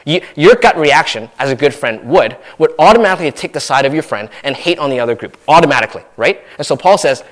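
A man's voice: fairly high pitch, expressive, fast, hardly any pauses, a bit bright. A man preaching a sermon in a conversational way, often restarting and asking "right?". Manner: conversational, many restarts and tag questions. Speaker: pastor.

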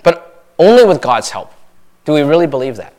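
A man's voice: on the high side, very animated, moderate pace, a little mellow. A man preaching a sermon in a conversational way, often restarting and asking "right?". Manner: conversational, many restarts and tag questions. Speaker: pastor.

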